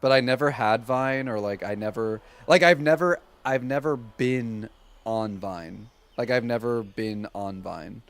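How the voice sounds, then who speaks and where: A man's voice: fairly low pitch, steady tone, a little slow. A man streaming a game and chatting with viewers, rambling casually with lots of "like". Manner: chatty, rambling, heavy use of "like"; talks to chat while playing. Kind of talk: casual gameplay commentary.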